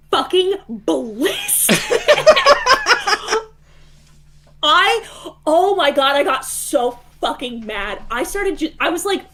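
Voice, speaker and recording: A woman's voice: high-pitched, bright, forceful tone. A woman on a voice call telling a story in a casual, heated way, swearing a lot and laughing as she goes. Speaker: guest caller.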